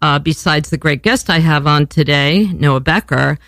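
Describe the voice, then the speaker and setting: A woman's voice: low-pitched, moderate pace, a bit bright, no room sound. An older woman hosting a chat show, casual and rambling, cursing freely and poking fun at herself. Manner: rambling, profane, self-deprecating. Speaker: podcast host.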